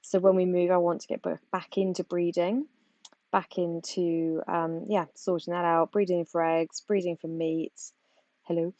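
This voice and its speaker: A woman's voice: lowish voice, mellow, no room sound. A British woman vlogging in her back garden, chatting and rambling as she explains her chores, recorded on a phone she holds while working. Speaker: vlogger and backyard poultry keeper. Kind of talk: casual chatty vlog. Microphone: phone held while working.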